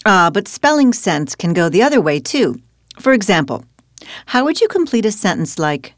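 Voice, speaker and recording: A woman's voice: mid-range voice, big pitch swings, normal speed, dry recording, clean studio sound. A woman teaching spelling in a scripted dialogue, guiding her partner patiently with questions. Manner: patient, questioning, guides with prompts. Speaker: language teacher.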